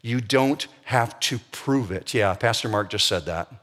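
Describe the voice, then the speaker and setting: A man's voice: lowish voice, measured pace, fairly bright tone. A man preaching a sermon as pastor, blunt and emphatic in a conversational way. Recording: long hall reverb.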